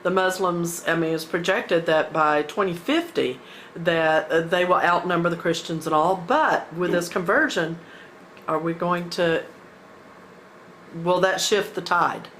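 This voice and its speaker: A man's voice: sits high, fairly even intonation, measured pace, a bit bright, slight background noise, rough recording. A man interviewing a guest, asking loose rambling questions with plenty of fillers.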